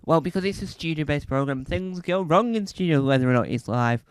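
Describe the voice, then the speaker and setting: Animated comedian spinning a story. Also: male voice, fairly high pitch, a little fast, clean tone, no echo. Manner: animated, rambling, acts out bits. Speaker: stand-up comedian.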